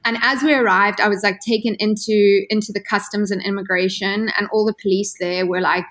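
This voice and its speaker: A woman in her thirties from South Africa tells stories at an everyday pitch in a casual interview. She talks in a lively, chatty way and fills her sentences with casual fillers. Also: brisk. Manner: animated, chatty, heavy use of filler words. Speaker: yacht stewardess guest.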